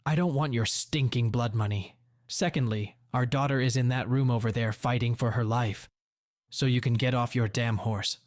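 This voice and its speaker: A man's voice: mid-range voice, normal speed, dry recording, clean studio sound, lightly acted. A man voicing a blunt, confrontational middle-aged father in a story reading. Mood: angry.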